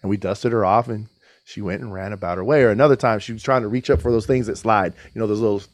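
Low-voiced man telling lively stories. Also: fast, dry recording. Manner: animated storyteller with homely analogies. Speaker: podcast guest. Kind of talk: casual faith conversation.

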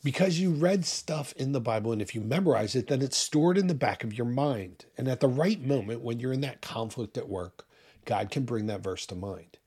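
A middle-aged man preaching a sermon with emphasis, his pace swinging from quick to slow. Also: mid-range voice, animated, a little mellow, slightly rough. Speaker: pastor.

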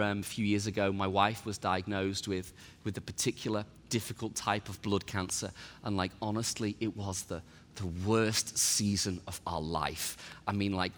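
A middle-aged pastor sharing a personal testimony in an emotional voice that rises high and tearful. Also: male voice, a bit bright. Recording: long reverb with faint music.

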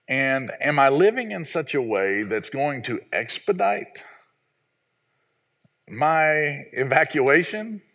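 A man's voice: on the high side, fairly bright tone. A man in his forties from the American South, a pastor preaching a sermon in a folksy, self-deprecating storytelling way. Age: 40s.

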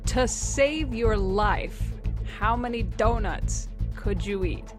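A woman hosting a casual comedy podcast, quick and joking, who swears freely while asking quiz questions. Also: mid-range voice, over music. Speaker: podcast host.

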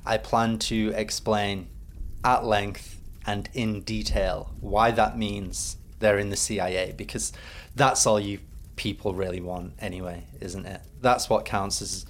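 A man with an English accent hosting a podcast, delivering a bitter, deadpan comic monologue. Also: fairly low pitch, unhurried. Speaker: podcast host. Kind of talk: sardonic comedic monologue.

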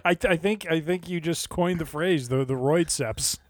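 A man's voice: a little high, normal speed. A man co-hosting a casual podcast, with supportive interjections and frequent chuckles. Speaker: podcast co-host. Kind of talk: casual chat.

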